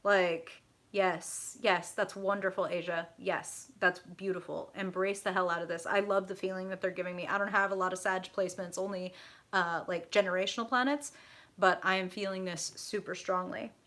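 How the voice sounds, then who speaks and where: A woman's voice: lowish voice, steady tone, moderate pace, a bit bright. A woman hosting a live tarot reading, effusive and profane, chatting directly to her viewers.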